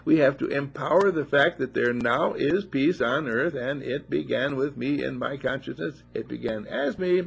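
Gravelly, husky man preaching animatedly. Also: mid-range voice, moderate pace, few pauses. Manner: animated, rhetorical questions, playful asides. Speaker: spiritual teacher at a monastery. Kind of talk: informal spiritual talk to a small group. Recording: dull lo-fi recording.

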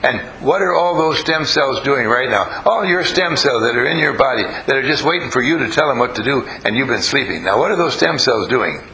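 A man with a mid-range voice leads a live class, questioning and coaxing his audience and weaving in stories as he teaches. He sounds animated, pushed and bright, talking a little fast with few pauses. The recording is rough, with slight background noise.

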